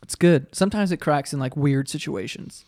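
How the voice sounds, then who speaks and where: A young man co-hosting a podcast, talking fast and casually with lots of swearing, his voice cracking now and then. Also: fairly high pitch, darkish tone, no echo, clean studio sound. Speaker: podcast co-host. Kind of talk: casual chat.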